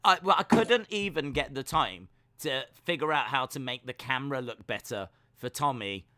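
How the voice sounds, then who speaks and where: A man's voice: medium pitch, animated, normal speed, bright, forceful tone, no echo. A man co-hosting a casual podcast chat over a video call, teasing and laughing often. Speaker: podcast co-host.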